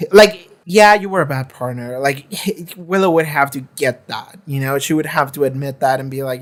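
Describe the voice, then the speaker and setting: A reaction video creator offers casual commentary in a mid-range voice at a moderate pace. The talk is chatty and full of swearing, with occasional acted-out character lines.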